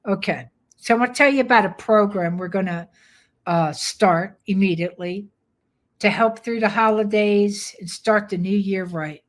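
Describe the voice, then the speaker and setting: An older woman dog trainer giving a live webinar pitch, firm, direct and plainspoken. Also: moderate pace.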